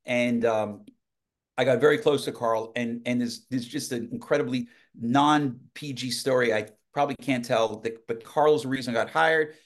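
A man guest on a podcast, telling lively anecdotes in casual conversation, often restarting his sentences. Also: mid-range voice, moderate pace. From United States. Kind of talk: casual storytelling.

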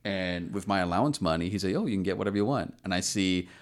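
A man's voice: sits low, fast. A man co-hosting a podcast, chatting casually with lots of fillers and swearing. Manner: rambling, many fillers, profane. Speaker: podcast co-host. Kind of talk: casual chat.

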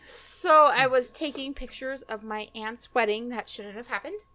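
A young woman on a podcast mic telling a rowdy story with lots of swearing and loud outbursts. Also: a little high, moderate pace, crowd noise. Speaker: guest storyteller. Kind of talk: casual podcast chat. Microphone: close podcast mic.

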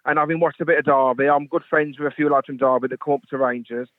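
A man's voice: on the high side, fairly even intonation, quick pace, no echo. A man from the West Midlands calling in to a radio phone-in, talking earnestly with many "um"s and "I think"s. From West Midlands, England. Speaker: caller. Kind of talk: phone-in chat. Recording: tinny phone line.

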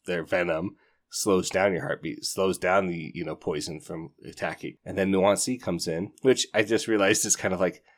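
A man's voice: low voice, steady tone, normal speed. A man hosting a book podcast, chatting casually and enthusiastically in a rambling way, retelling scenes with laughing asides. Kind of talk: casual book review chat.

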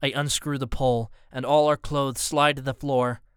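A man narrating a first-person interactive thriller in a tense, measured reading. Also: mid-range voice, little pitch movement, fairly bright tone, clear, resonant tone, no echo, clean studio sound. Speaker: audiobook narrator.

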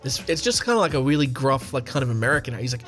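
A man's voice: medium pitch, very animated, quick pace, a bit bright, soft background music. Joking man hosting a podcast. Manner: joking, reads questions aloud and answers himself. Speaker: podcast host. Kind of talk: casual chat reading a quiz.

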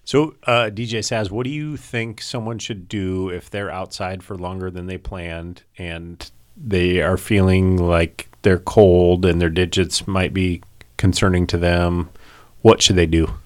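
A man's voice: low-pitched, fairly even intonation, measured pace. A man who co-hosts a podcast as an emergency physician, speaking steadily and plainly. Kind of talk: casual podcast chat.

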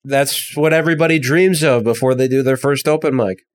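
A man's voice: medium pitch, brisk, no echo. An American man co-hosting a podcast, chatting casually and rambling through jokes with some swearing and self-deprecation. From United States. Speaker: podcast co-host. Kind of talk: casual comedic chat.

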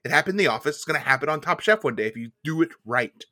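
A man's voice: on the high side, lively intonation, racing, bright, forceful tone, no echo, studio quality. A man co-hosting a podcast, talking casually and enthusiastically, with playful mock advice. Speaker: podcast co-host. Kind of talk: casual chat recapping a cooking show.

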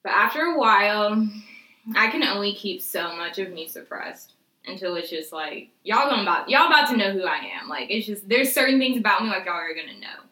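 A woman's voice: mid-range voice, expressive, a little fast, sharp tone, roomy sound, rough recording. A young woman in casual chat who speaks bluntly and swears freely.

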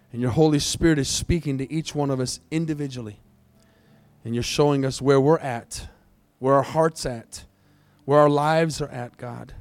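A man preaching and praying with fervent intensity, rising to loud pleas and then dropping to near-hushed tones. His voice sits a little high for a man, and the sound is close and dry, with little room reflection. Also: no echo. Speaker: pastor. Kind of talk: sermon prayer and altar call. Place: church sanctuary, also streamed online.

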